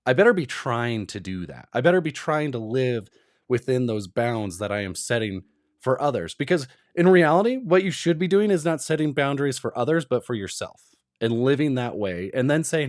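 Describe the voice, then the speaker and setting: A man's voice: mid-range voice, expressive, a little fast, no echo, studio quality. A young adult man giving an emphatic, rambling, opinionated commentary. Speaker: commentary vlogger.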